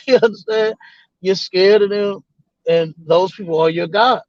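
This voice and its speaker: A high-voiced man spins a casual story, slipping into other people's voices and cursing as he goes. The sound is dry and close, with a slightly muffled, lo-fi edge. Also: moderate pace, no room sound. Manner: animated, quotes others in voices, swears freely. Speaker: guest.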